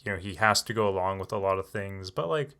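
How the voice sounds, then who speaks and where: Low-voiced man chatting in quick bursts. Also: lively intonation, sharp tone, clear, resonant tone. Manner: rapid, with many fillers like "you know" and "like". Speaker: podcast co-host. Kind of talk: casual chat about an anime.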